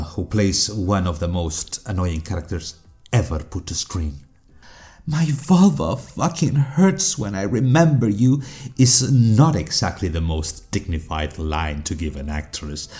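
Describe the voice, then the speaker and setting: Very deep-voiced man narrating a video essay. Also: darkish tone. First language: Spanish. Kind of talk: scripted narration.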